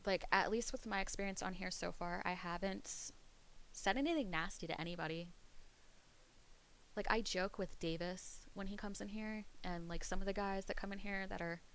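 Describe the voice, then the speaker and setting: A woman's voice: mid-range voice, fairly even intonation, normal speed, a bit bright, low-quality recording. Rambling woman streamer chatting casually. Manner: rambling, self-interrupting, laughs often. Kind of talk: casual livestream chat.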